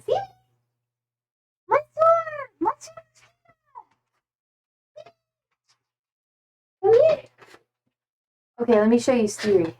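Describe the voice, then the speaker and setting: Young woman, casual streamer, high bright-pitched and unhurried, bubbly and gushing. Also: poor audio. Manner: bubbly, gushing over her cats with baby talk. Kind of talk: casual live-stream chat.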